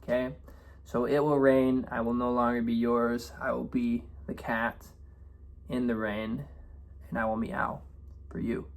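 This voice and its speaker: Casual teacher explaining song lyrics. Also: male voice, mid-range voice, measured pace, long pauses. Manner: relaxed, repeats "right?" and "okay?" often. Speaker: Spanish teacher.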